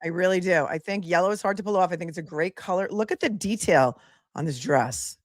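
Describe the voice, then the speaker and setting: A woman's voice: lowish voice, fairly quick, no room sound, clean studio sound. A woman attorney hosting a live commentary stream, chatty and sassy, laughing often as she talks to viewers.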